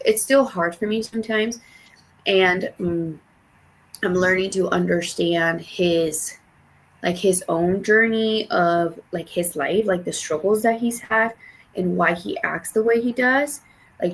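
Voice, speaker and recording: A woman's voice: fairly low pitch, fairly even intonation, unhurried. A young woman telling a personal story on a podcast, rambling with many fillers and restarts and casual swearing. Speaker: podcast co-host.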